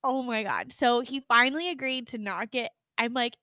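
Telling stories as a podcast co-host, this young woman chats casually, swears often and laughs a lot in an animated way. She speaks on the high side at a moderate pace with few pauses, and the audio has no echo.

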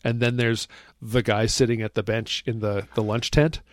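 A man co-hosting a podcast, chatting in a relaxed, rambling way and laughing often. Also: medium pitch, moderate pace, dry recording, studio quality. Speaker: guest co-host. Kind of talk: casual chat.

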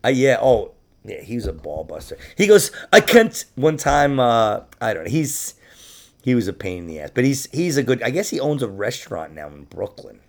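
A man's voice: medium pitch, sing-song, moderate pace, a little mellow. A man hosting a podcast in loose, profane, rambling chat, often breaking into laughter. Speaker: podcast host. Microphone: podcast microphone.

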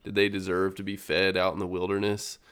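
A man's voice: sits low, monotone, a little fast, fairly bright tone, clean tone. A man co-hosting a podcast, reflecting on a book in a casual, hesitant way with many ums. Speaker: podcast co-host.

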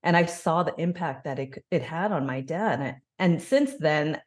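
A woman's voice: low-pitched, animated, moderate pace. A woman in her thirties telling a personal story openly and reflectively in an interview. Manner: open, reflective, emotional storytelling. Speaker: podcast guest.

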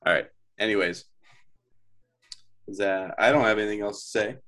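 A man's voice: lowish voice, moderate pace, a bit bright. A young man from Minnesota co-hosting a podcast, making dry, wry remarks in casual chat. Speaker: podcast co-host.

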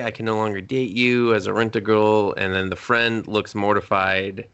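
Casual podcast co-host: man, lowish voice, rambling recaps, pops into high voices for characters. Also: normal speed, few pauses, pushed and bright, smooth. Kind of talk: casual anime review chat.

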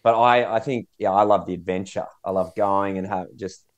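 A man in a casual chat, hesitant when talking about himself and quick to crack jokes. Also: deep voice, steady tone. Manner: joking, hesitant.

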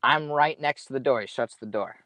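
A man's voice: mid-range voice, brisk, sharp tone, dry recording. Young man telling a rambling, profane story. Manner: profane, rambling, laid-back slang. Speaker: podcast guest storyteller. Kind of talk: casual storytelling chat.

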